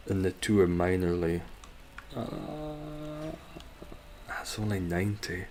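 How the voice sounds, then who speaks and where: Scottish male streamer, low voice, slow and easy delivery, jokey and sweary, casual game-stream chat. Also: slight background noise. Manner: joking, rambling and sweary.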